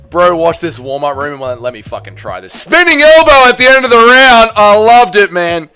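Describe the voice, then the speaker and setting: A young man hosting a fight-night watch party stream, chatting casually, swearing freely and bursting into excited shouts. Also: fairly high pitch, smooth. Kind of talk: casual live-stream chat reading comments.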